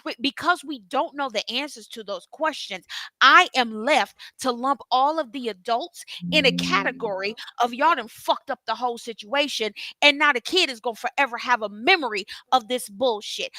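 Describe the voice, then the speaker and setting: Bright, blunt woman giving her opinion. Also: high-pitched, normal speed, dry recording, rough recording. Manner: blunt, profane. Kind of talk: opinionated commentary.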